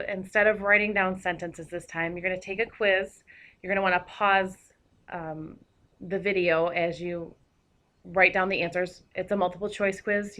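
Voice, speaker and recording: A woman's voice: medium pitch, fairly bright tone. A woman teacher giving a recorded grammar lesson, explaining patiently with a few fillers.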